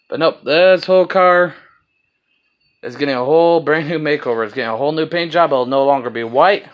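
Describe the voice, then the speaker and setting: A man's voice: mid-range voice, a bit bright, dull audio. A man with a slight Southern accent filming a rambling, casual walkaround of his car project, swearing now and then.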